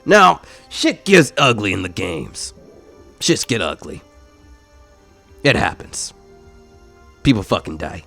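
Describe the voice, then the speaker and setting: A man's voice: fairly low pitch, wildly swooping pitch, takes it slowly, vocal fry, long pauses, bright, forceful tone, faint music behind, exaggerated voice. A man voicing a crude, menacing male goblin who rides a warg, swearing and threatening in a swaggering way.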